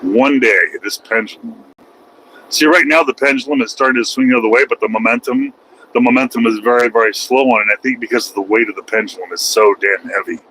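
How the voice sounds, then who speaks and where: A man's voice: fairly low pitch, sharp tone, a little hiss or hum, poor audio. A man, a truck driver vlogging from his cab, talking in a rambling, opinionated way with wry asides. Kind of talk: casual rambling monologue.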